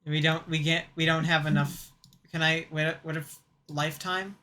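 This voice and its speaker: Bright-voiced young woman, halting chat. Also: low-pitched, flat delivery. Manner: halting, with frequent restarts and stumbles. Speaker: podcast co-host and editor. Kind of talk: casual chat.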